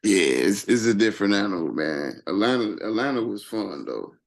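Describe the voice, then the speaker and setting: A man's voice: on the low side, sing-song, a little fast, creaky. A man from Chicago, a hip hop artist guesting on a podcast, talking laid-back and ending lines with "man". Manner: laid-back, drops "man" at line ends. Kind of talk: casual chat.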